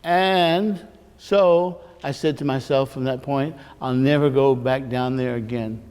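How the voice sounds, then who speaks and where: Storytelling priest in a reverberant hall. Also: male voice, medium pitch, a little slow, darkish tone, smooth. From Missouri, United States. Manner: rambling, confiding storyteller with asides. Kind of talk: storytelling sermon. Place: large church hall.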